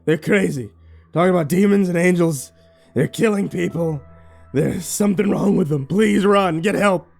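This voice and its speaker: Frantic, begging captive man, voiced by a male narrator; high and loud. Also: moderate pace, gravelly, soft background music. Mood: sobbing pleas. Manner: frantic pleading. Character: captive man, pleading, secretly sinister.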